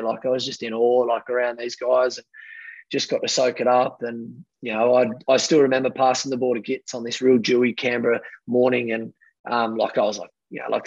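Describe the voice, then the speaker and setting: Rambling Australian man, husky voice. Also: medium pitch, no room sound, muffled recording. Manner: rambling, animated, lots of fillers, acts out quotes. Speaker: guest, professional rugby player. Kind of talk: casual storytelling.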